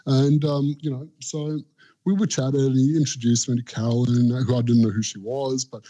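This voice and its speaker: A middle-aged Australian man tells a long, rambling story in a relaxed interview. His voice is mellow and dark, with an everyday pitch, and he slips into quoted voices as he goes. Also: moderate pace. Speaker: barbecue pitmaster and guest.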